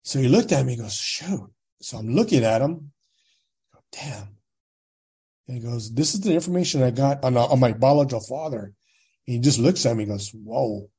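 A man's voice: medium pitch, normal speed, slightly rough. A man in his sixties from California, a podcast guest telling his own story in a casual, plain-spoken way and acting out what others said. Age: 60s. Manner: animated storyteller, acts out quoted dialogue.

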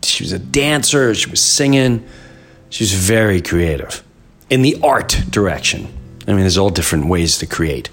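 A middle-aged man hosting a podcast, telling a story in an animated, rambling way and often repeating himself. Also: sits low, normal speed. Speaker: podcast host. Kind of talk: casual storytelling monologue.

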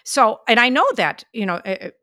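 A woman's voice: a little high, lively intonation, brisk, bright, forceful tone, no echo, studio quality. An older woman, a podcast co-host and mother, telling stories in casual family chat, chatty and exclaiming. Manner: chatty storyteller, exclaims, laughs.

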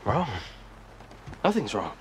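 A resentful young man sulks and snipes in a film scene, his voice swinging up and down with sarcasm. The film audio carries a clear layer of background noise. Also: medium pitch, wildly swooping pitch, takes it slowly. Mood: sullen, bitter. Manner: sullen and sarcastic, bursting into shouts. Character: bitter, jealous young man, sulking and resentful.

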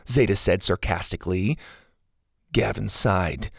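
A man narrating a kids' adventure story in an expressive, animated storytelling manner. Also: medium pitch, normal speed, creaky, slightly rough, no room sound, clean studio sound.

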